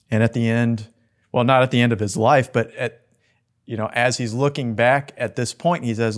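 Gentle, earnest male preacher. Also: medium pitch, steady tone, moderate pace. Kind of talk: sermon.

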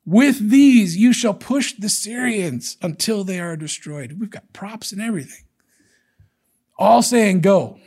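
A man's voice: high voice, measured pace, slightly rough. A man preaching a sermon, walking through a scripture passage and acting out the characters' lines in changing voices. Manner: animated, acts out quotes from scripture in different voices.

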